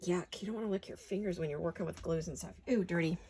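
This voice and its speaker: Chatty woman with a gravelly voice. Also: fairly low pitch, fast talker, warm tone, slight background noise. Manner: rambling, self-talking, playful. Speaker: crafting channel host. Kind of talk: chatty craft-along narration. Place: home craft studio.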